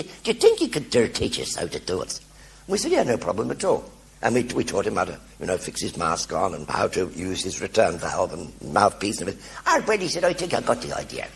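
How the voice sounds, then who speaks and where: On a theatre stage before an audience, an older raconteur performs a one-man show of comic anecdotes, acting out the voices of the people in them. His voice is medium-pitched, gravelly, and has a breathy edge.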